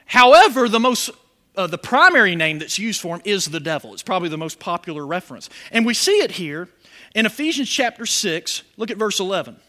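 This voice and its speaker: A man preaching a sermon as pastor, animated, with call-and-response questions to the congregation. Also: high voice, brisk.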